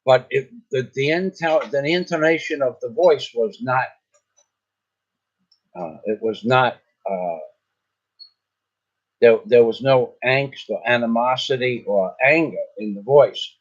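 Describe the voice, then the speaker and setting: A man's voice: mid-range voice, slow pace, pauses often. An older man telling a long story in a casual, rambling way, often repeating himself and restarting his sentences. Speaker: vlogger. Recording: slightly dull lo-fi sound.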